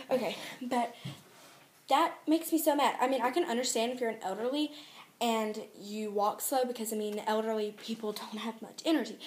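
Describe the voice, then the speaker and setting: A teenage girl vlogging in a casual, exasperated rant, chatty and quick to complain. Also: on the high side, a little mellow, slight background noise. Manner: ranting, exasperated, fast and chatty. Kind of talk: casual chat to camera. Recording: echoey room.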